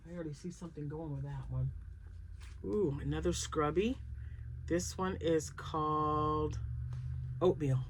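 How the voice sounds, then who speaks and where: A woman hosting a crochet channel, chatting casually and thinking aloud as she excitedly unboxes yarn. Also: sits low, a little slow, long pauses, slight background noise.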